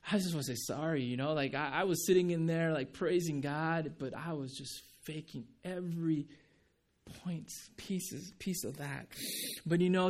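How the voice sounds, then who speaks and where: A man preaching a sermon, telling a personal testimony in an earnest, conversational way, with frequent restarts and light laughs. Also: fairly high pitch. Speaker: pastor.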